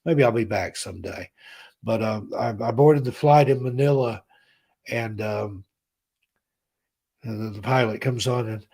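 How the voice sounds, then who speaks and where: A man in his fifties from the American South, hosting a casual live stream, chatting warmly and reading out viewers' names. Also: medium pitch, a little slow, long pauses. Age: 50s. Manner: rambling, heartfelt, reads chat names aloud. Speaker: host.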